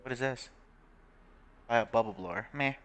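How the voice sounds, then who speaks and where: A man's voice: medium pitch, moderate pace, fairly bright tone, clear, resonant tone, faint music behind. A man talking casually while he plays a video game, reading the game's text aloud and cursing freely. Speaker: gameplay video host. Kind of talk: casual gameplay commentary.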